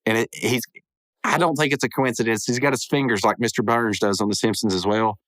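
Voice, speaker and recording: A man's voice: mid-range voice, steady tone, brisk, a bit bright, no room sound. A man hosting a podcast, casually recapping a cartoon episode with rambling, chuckling asides. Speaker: podcast host.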